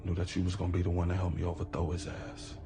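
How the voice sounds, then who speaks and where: A deep, flat-voiced TV gangster. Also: male voice, quick pace. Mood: menacing. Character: menacing man in a TV crime drama. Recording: TV clip with music under the voice.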